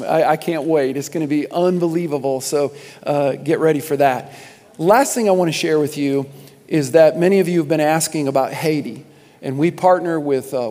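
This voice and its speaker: A male pastor addressing his church with fervent, halting energy, stumbling over repeated words before building to loud, emphatic peaks. His voice sits a little high for a man and rings with the long reverb of a large sanctuary. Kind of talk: sermon announcements to a congregation.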